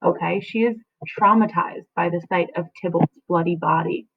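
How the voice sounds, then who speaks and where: A woman's voice: lowish voice, moderate pace. A woman teacher explaining a play to students, often checking in with "right?" and "okay?". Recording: phone-like lo-fi audio.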